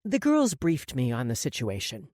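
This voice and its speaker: A man's voice: mid-range voice, wildly swooping pitch, normal speed, a little mellow, no room sound. A male audiobook narrator voicing a blunt, self-assured woman with a frank, dry humor. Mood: wry. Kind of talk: audiobook character voice.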